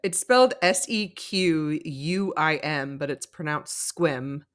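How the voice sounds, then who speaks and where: A woman with a low, smooth voice takes her time as she co-hosts a podcast recapping reality TV. She's chatty and animated, says "like" constantly, and laughs often.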